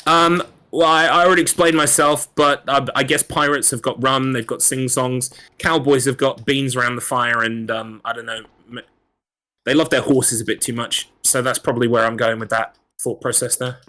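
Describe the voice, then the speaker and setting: Bright-voiced rambling man. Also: mid-range voice, steady tone, normal speed. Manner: rambling, self-deprecating, swears freely. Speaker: speedrun racer. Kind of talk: casual live-stream chat.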